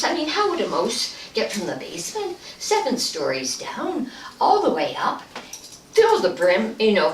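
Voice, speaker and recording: A woman giving a storytelling speech at a club meeting, acting out the voices and dropping to a hush for punchlines. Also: mid-range voice. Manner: animated, acts out voices, hushed at punchlines. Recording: echoey room, distant mic, faint noise.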